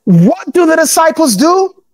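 A male pastor preaching a sermon, calling out to his congregation, breaking into shouts, and reading scripture aloud in old formal English. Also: extremely high pitch, big pitch swings, measured pace. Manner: call-and-response preaching, often bursts into shouts.

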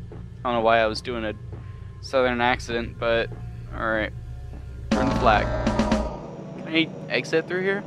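A man's voice: a little high, animated, slow pace, long pauses, sharp tone, highs cut off, faint music behind. A man giving nervous, jumpy let's-play commentary on a horror game he is playing. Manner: jumpy, nervous, swears mildly, yelps when startled.

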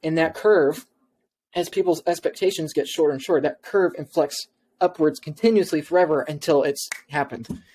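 A man's voice: fairly high pitch, normal speed, a little mellow, a little hiss or hum. Passionate, insistent man on a podcast. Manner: restarts and stumbles in a rush of words. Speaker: podcast guest. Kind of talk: podcast interview talk.

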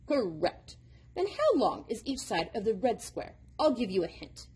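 A woman's voice: on the high side, sing-song, normal speed, a little mellow, husky, full character voice. A woman voicing an impish, impatient male number devil who lectures like a know-it-all, in a storybook reading. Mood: lecturing.

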